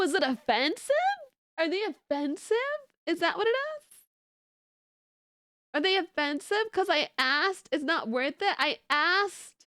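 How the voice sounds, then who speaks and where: A young woman streamer chatting casually with her viewers, telling stories in animated, laughing rants. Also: high voice, no room sound, clean studio sound. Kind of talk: casual live-stream chat.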